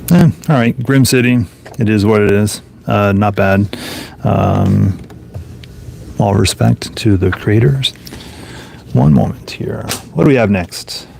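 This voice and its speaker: A man with a low voice and a heavily gravelly, fry-filled tone, talking to himself in an offhand, unhurried way as he leafs through old comics. A faint hiss sits under the recording. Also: darkish tone. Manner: musing, offhand, thinking aloud while flipping pages. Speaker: comic book reviewer. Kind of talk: casual solo commentary.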